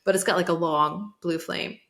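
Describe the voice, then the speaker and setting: A conversational woman in her thirties with a voice on the lower side. She co-hosts a relaxed podcast, trades quick replies, and settles into longer stories. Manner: conversational, chimes in with short replies. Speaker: podcast co-host. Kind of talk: casual chat.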